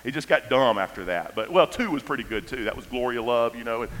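Animated male preacher in echoey hall. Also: medium pitch, fast, hardly any pauses. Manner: animated, storytelling, swings from shouts to hush. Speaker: pastor. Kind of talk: sermon. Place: large church hall.

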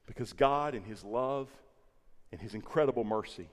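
A pastor preaching an Easter sermon, swinging from hushed lines to loud, repeating phrases for emphasis. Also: male voice, mid-range voice, moderate pace, long reverb tail. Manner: impassioned, swinging from quiet to loud, repeating words. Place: church sanctuary.

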